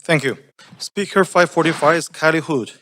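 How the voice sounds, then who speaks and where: A man's voice: fairly high pitch, normal speed, sharp tone, dry recording. A man chairing a council meeting, patiently calling the next speakers and repeating his prompts.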